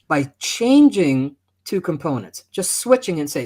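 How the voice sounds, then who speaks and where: A man's voice: on the high side, very animated, moderate pace, hardly any pauses, a little mellow. A man co-hosting an instructional conversation, demonstrating how phrasing and inflection change meaning. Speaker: co-host.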